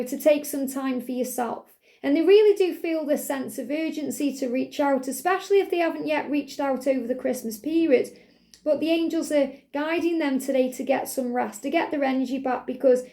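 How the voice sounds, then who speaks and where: A woman giving a channeled tarot love reading, gentle and reassuring, repeating herself with many "you know" fillers. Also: high-pitched. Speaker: tarot card reader.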